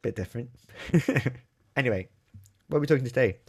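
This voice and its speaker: A man co-hosting a podcast in casual chat, playful and animated, acting out quotes as he talks. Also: mid-range voice, fairly quick. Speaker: podcast co-host.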